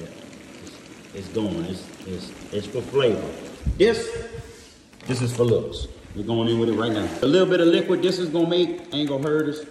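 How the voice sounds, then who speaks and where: A man's voice: mid-range voice, a little mellow. Folksy man on a distant phone mic. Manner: folksy, chatty, talks straight to viewers. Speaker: cook and host. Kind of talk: casual cooking demonstration. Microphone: handheld phone. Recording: roomy distant sound, faint background noise.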